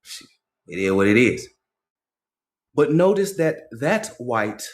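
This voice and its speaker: A man hosting a livestream, reading a passage aloud and breaking off to comment in casual slang. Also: medium pitch. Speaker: livestream host.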